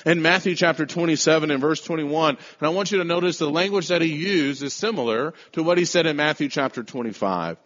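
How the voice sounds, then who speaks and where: A man preaching a sermon with emphatic delivery, swinging between loud declarations and hushed, slow words. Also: fairly high pitch. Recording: muffled sound with long hall reverb.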